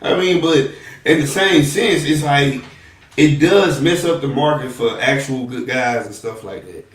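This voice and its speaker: A man, a podcast co-host talking in a laid-back, rambling way that often trails off softly. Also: mid-range voice, measured pace, recorded from a distance. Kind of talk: casual chat. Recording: echoey room, off-mic.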